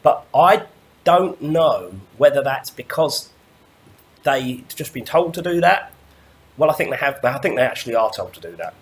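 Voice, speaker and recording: A man's voice: medium pitch, expressive, normal speed. Rambling man ranting. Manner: rambling, stumbling restarts, swears often. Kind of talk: ranting monologue.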